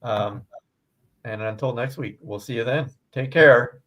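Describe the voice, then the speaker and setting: A man co-hosting a live stream as he wraps up the episode. He thanks the viewers in a loose, rambling way with lots of "you know". His pitch sits mid-range for a man. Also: unhurried. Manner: relaxed, rambling, full of fillers like "you know". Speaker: show co-host. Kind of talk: casual live-stream sign-off.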